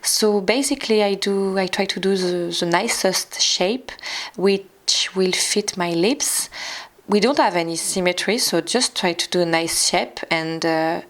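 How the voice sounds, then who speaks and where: Soft-spoken French woman with a gravelly voice. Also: medium pitch, a little slow. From France. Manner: soft-spoken, careful, with small restarts and slips in English. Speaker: beauty vlogger. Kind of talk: makeup tutorial narration.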